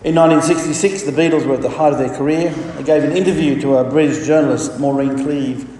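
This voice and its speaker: A man's voice: a little high, fairly even intonation, quick pace, mellow, a little hiss or hum. A man preaching a sermon with emphatic delivery and rhetorical questions. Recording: echoey hall from far off.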